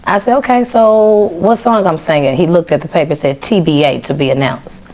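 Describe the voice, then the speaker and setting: This young woman's voice sits low and moves fairly quickly. A guest on a podcast from Memphis, Tennessee, she recounts her story in easy conversation, bringing quoted dialogue to life with animation.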